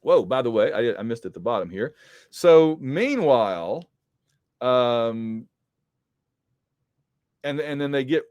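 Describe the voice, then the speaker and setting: Man, casual comic recap, rambling with ums, mid pitch, dry close sound. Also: animated, takes it slowly, pauses often, a little mellow, no echo. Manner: rambling, with frequent ums and restarts. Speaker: comic book podcast host.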